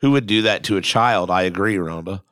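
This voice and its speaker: A man co-hosting a casual podcast, full of crude jokes and offhand asides as he reads out listener messages. His voice sits a little low, and the sound is close and dry with no room around it. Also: a little fast, fairly bright tone, dry recording. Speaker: podcast host.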